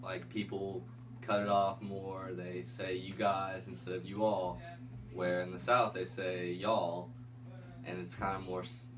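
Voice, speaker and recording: A man's voice: sits low, little pitch movement, measured pace. A man answering an interview question in a laid-back, drawling way. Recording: distant mic, loud background noise.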